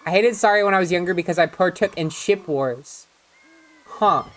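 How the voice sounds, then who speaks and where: A woman's voice: fairly low pitch, moderate pace. A woman casually chatting and swearing while streaming a video game, rambling with frequent laughs.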